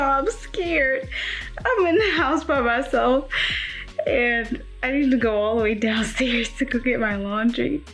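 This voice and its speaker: A young woman vlogging casually about a book, retelling the plot in an animated way and acting out quotes. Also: mid-range voice. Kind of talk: casual chat.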